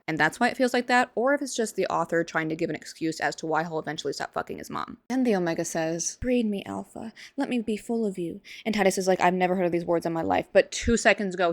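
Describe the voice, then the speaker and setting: A young woman host giving sarcastic, comedic commentary with deadpan asides. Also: low-pitched, no room sound, studio quality.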